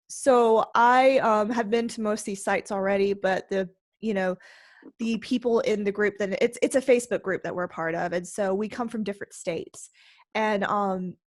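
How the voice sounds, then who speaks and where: A woman co-hosting a podcast, chatting casually in an excitable, talkative way. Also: mid-range voice. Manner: excitable, chatty, quick to laugh. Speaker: podcast co-host.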